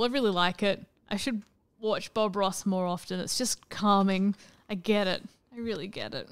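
Woman rambling on a game stream, super smooth voice, dead dry sound, laughs a lot, swears. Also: mid-range voice, normal speed, no echo. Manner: chatty, laughs often, swears freely. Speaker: streamer co-host. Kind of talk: casual chat over gameplay.

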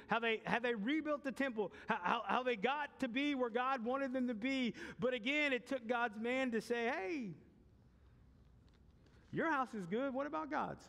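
High-voiced man in his forties preaching in a church hall. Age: 40s. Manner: swings between loud preaching and hushed, quiet questions; stammers and repeats words. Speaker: pastor. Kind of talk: sermon. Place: church sanctuary. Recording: long reverb of a church hall.

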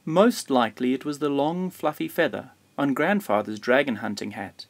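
A man's voice: mid-range voice, creaky. Man reading a children's picture book. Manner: gentle, measured storytelling. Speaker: storybook reader.

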